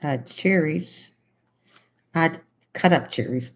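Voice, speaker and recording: A woman's voice: mid-range voice, normal speed, fairly bright tone. An older woman hosting a casual live stream. She chats on while writing down a recipe and thanks her viewers over and over. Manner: chatty, thinks aloud while writing, effusively thanks viewers. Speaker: livestream host. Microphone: computer streaming setup.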